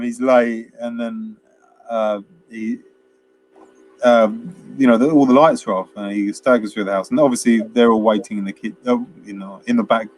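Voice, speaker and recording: A man, co-hosting a casual film review chat, rambling through scenes with quoted lines and frequent laughs. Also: medium pitch. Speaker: podcast co-host.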